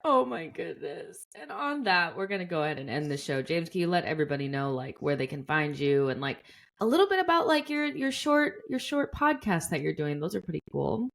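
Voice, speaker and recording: A woman's voice: lowish voice, very animated, a little fast, gravelly. A woman hosting a casual football podcast, chatty and laughing often. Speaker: podcast host.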